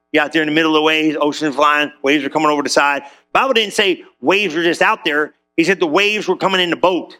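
A man preaching a sermon in a church, animated and conversational, joking with the congregation. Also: fairly high pitch. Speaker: pastor.

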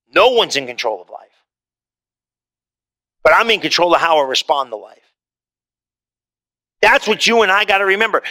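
Bright-voiced man preaching conversationally. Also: high-pitched. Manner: conversational preaching, rising to emphatic reading of scripture. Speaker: pastor. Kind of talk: sermon. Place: church hall with congregation.

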